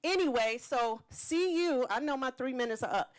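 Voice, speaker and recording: A woman's voice: high-pitched, lively intonation, moderate pace, poor audio. A woman speaking at a city council meeting, earnest and close to tears as she thanks the council for supporting her community event. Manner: heartfelt, earnest, slightly tearful. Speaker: event organizer speaking at public comment. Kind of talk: emotional public comment speech.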